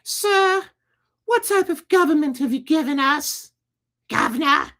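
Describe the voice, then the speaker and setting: A shrill, very high British townswoman from colonial times, as a man puts her on. She asks her question in an exaggerated falsetto. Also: lively intonation, unhurried, bright, forceful tone, full character voice. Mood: inquisitive. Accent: put-on British.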